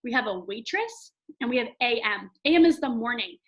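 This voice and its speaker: A woman's voice: on the high side, lively intonation, fairly quick, fairly bright tone, highs cut off. A woman teacher giving a recorded phonics lesson to young children, friendly and chatty, stretching out example words. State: throat tickle, clears throat often. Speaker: elementary school teacher.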